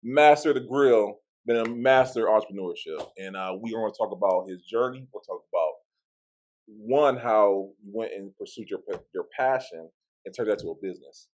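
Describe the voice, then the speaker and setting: Laid-back low-voiced male podcast host. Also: a little fast. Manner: relaxed, laughing, loose slangy talk. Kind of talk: casual interview chat.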